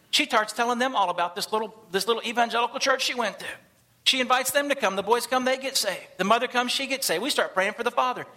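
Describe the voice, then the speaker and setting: A man preaching a sermon to a church congregation, telling stories and acting out the people in them with animated delivery. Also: high voice. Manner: animated, acts out quoted voices. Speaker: missionary pastor. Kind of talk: sermon storytelling. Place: church service.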